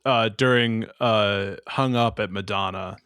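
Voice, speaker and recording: A male podcast host telling an excited anecdote in short, earnest bursts. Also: lowish voice, unhurried, smooth, dry recording, studio quality. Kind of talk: casual podcast chat.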